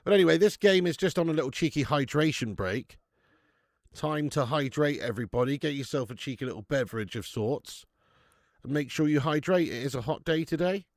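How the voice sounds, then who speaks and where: A man's voice: on the high side, animated, brisk, no room sound, studio quality. A man hosting a live football watch-along, chatting casually, bantering and reading out viewers' comments. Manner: jokey, banter-filled, reads out chat comments.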